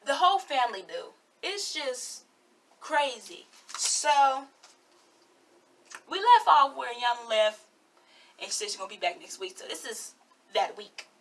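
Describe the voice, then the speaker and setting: A woman's voice: sits high, very animated, measured pace, long pauses, distant mic, slight background noise. An eighteen-year-old woman giving sassy, blunt, chatty commentary on a reality show in her vlog. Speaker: vlogger.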